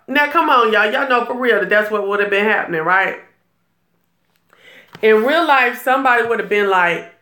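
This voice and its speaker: A woman hosts a casual live stream in a bright, forceful voice, chatting with her viewers and greeting them by name. She laughs easily and gossips freely. The sound is roomy, with a clear echo. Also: a little high, normal speed. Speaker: livestream jewelry seller and gossip host.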